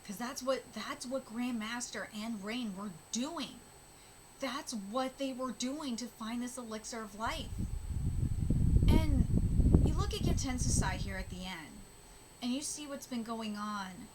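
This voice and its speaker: A woman hosting a live manga reaction, rambling, emotional and repeating herself, over loud background noise. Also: a little high.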